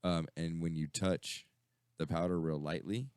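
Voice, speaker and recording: Guy with a real low voice rambling about stuff, swears a lot, dry close mic. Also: steady tone, measured pace, a little mellow, clear, resonant tone, no echo. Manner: rambling, profane storytelling with many fillers. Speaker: radio show co-host. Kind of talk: casual stoner chat.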